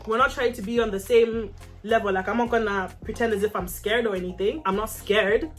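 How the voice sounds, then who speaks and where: A young woman in her twenties hosting a casual chat with friends, telling a story in an animated way and repeating her lines. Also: mid-range voice, a little fast, faint music behind. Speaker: vlog host.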